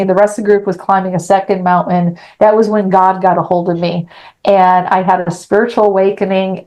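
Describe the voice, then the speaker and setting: A woman's voice: mid-range voice, darkish tone, low-quality recording. A middle-aged woman, a podcast guest, telling a personal story with animation and acting out the dialogue in a frank, blunt way.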